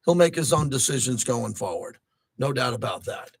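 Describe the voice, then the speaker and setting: A man with a mid-range voice and vocal fry hosts a sports talk radio show from a studio, talking at length at a moderate pace. He's excitable and gets worked up at times, rising to near-shouting when riled, recorded on a close studio mic with no room sound.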